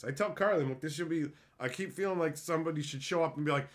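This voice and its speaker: A quick-talking man with a slightly high voice hosts a casual live stream, chatting with viewers. The streamer and entertainer swears a lot, stays animated, and laughs often.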